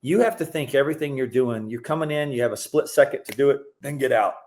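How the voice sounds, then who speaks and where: A man's voice: medium pitch, lively intonation, fast, darkish tone. A man guest on an interview podcast, telling his business story in a blunt, emphatic way and giving advice.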